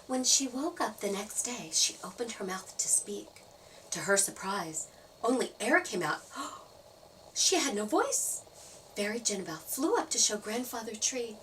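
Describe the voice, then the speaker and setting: A woman storyteller reading a children's story aloud, playful and expressive. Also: on the high side, a little slow, recorded from a distance, slight background noise, low-quality recording. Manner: expressive, playful sound effects.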